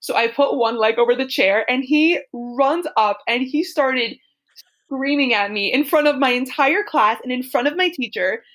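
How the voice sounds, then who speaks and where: Chatty young woman with a high voice. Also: normal speed, fairly bright tone. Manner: chatty, giggly, lots of "like" and "super". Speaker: podcast co-host. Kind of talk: casual chat, telling a personal story.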